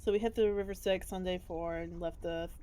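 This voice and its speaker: A woman's voice: on the low side, steady tone, fairly quick, warm tone. Woman asking the dungeon master questions. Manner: practical, questioning. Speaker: player. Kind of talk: casual tabletop game chat.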